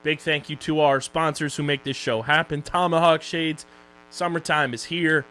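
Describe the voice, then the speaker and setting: A man with a Philadelphia accent co-hosting a casual podcast, joking and running quickly through plugs and sponsor reads. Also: on the high side, fairly even intonation, sharp tone, poor audio. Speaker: podcast co-host.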